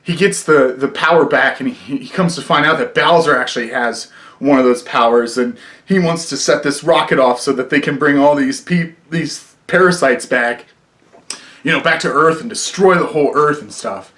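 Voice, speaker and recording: A man's voice: mid-range voice, moderate pace, fairly bright tone. A young man reviewing a film in a casual vlog, rambling with lots of fillers and frequent swearing. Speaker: movie reviewer.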